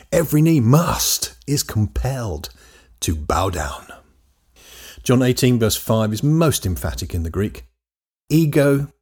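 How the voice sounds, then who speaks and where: A man teaching a Bible lesson, reading scripture aloud emphatically with dramatic pauses. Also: on the low side, a little mellow, slightly rough.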